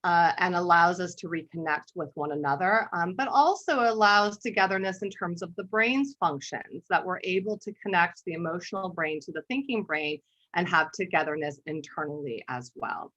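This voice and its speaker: A woman art therapist giving a conversational webinar talk, telling a story and often clearing her throat. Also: on the low side, normal speed, fairly bright tone. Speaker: art therapist and workshop presenter. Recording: dull lo-fi webinar audio.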